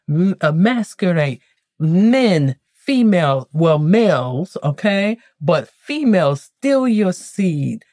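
A woman hosting a podcast, delivering a blunt, scolding monologue full of rhetorical questions, her pitch swinging up and down. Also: a little mellow, no room sound, clean studio sound. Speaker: podcast host. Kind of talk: preachy monologue.

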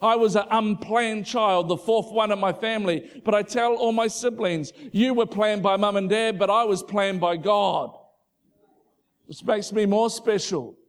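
Man, middle-aged, pastor, conversational sermon, slightly high voice, hushed to fervent. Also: a little slow, clean tone. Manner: conversational preaching, soft hushed passages rising to fervent emphasis.

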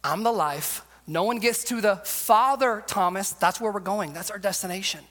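A man voicing a calm, gentle Jesus, speaking low, slow and hushed in a reassuring way. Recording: long hall reverb.

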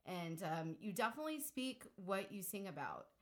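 A woman's voice: medium pitch, sing-song, normal speed. Woman, host, casual chat, emotional, giggly, heartfelt.

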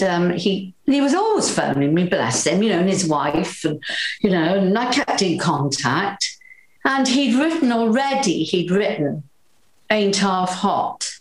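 An older Welsh actress telling lively anecdotes in an interview, acting out the voices she quotes. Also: on the low side, reverberant, poor audio. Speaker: actress guest.

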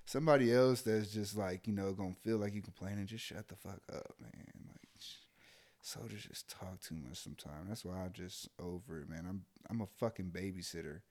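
A man's voice: deep voice, a little fast. Young army guy griping, blunt and sweary, chatty. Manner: blunt, profane, animated venting. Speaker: army sergeant. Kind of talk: casual chat.

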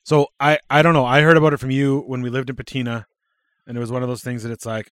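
A man's voice: medium pitch, little pitch movement, quick pace, clear, resonant tone, no echo, studio quality. A man co-hosting a casual podcast, telling rambling stories with easy laughter. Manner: laid-back, rambling storytelling with laughs. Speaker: podcast co-host. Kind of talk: casual chat.

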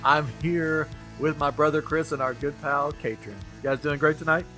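A man's voice: a little high, fairly even intonation, moderate pace, sharp tone, faint music behind. A young man hosting a podcast in a casual, jokey chat, laughing often and acting out what others said. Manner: jokey, laughs often, acts out quoted voices. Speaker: podcast host.

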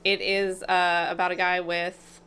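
A woman co-hosting a podcast in casual chat, talking haltingly with lots of fillers. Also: fairly low pitch, flat delivery, bright, forceful tone, a little hiss or hum. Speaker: podcast co-host.

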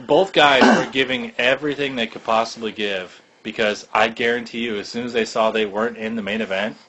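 A man's voice: medium pitch, lively intonation, a little fast, creaky, a bit bright, slight background noise, poor audio. A man co-hosting a casual podcast, talking animatedly and acting out quotes with big jumps in his voice. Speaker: podcast co-host. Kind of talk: casual chat.

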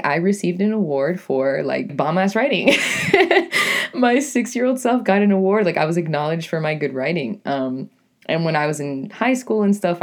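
A young woman with a deep, raspy voice and a New England accent, hosting her own podcast as a poet in a rambling, casual monologue full of "like" and "you know". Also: darkish tone. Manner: rambling, lots of "like" and "you know", self-correcting.

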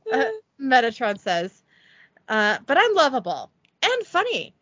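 Bright, lively woman recapping a script. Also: fairly high pitch, slow pace, dry recording, lo-fi sound. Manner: giggly, self-deprecating, reads quotes with little voicing. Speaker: podcast host recapping an episode. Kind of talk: casual chat reading a script recap aloud.

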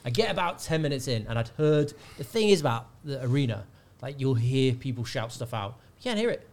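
A male comedian, telling a lively story in casual chat and acting out the people in it. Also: mid-range voice, fairly quick. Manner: animated storyteller, shouts out quoted hecklers. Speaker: guest comedian.

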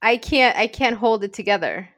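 A woman's voice: mid-range voice, animated, normal speed, a bit bright. Thoughtful woman in casual chat. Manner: thoughtful, reflective, agreeable. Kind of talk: casual conversation.

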